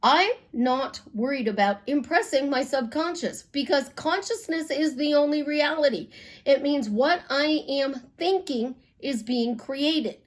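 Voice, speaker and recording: A woman from Chicago, a life coach, telling stories bluntly in an animated, casual monologue with some swearing. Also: high-pitched, unhurried.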